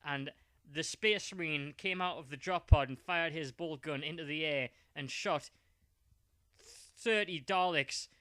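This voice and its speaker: A man tells a rambling, playful improvised adventure story. His voice is bright, clear and slightly high, in a dry, close recording. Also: a little slow, no echo. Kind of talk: improvised fan-fiction storytelling.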